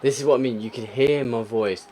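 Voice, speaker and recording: With a crowd audible behind him, a young gaming YouTuber talks fairly quickly at medium pitch while commentating his football video game live. He mutters, then bursts out in frustrated exclamations.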